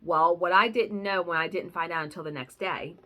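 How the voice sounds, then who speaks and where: A woman's voice: lowish voice, a little fast, bright, forceful tone. A woman vlogger telling a story in a casual, chatty way, swearing now and then. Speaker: cross-stitch vlogger.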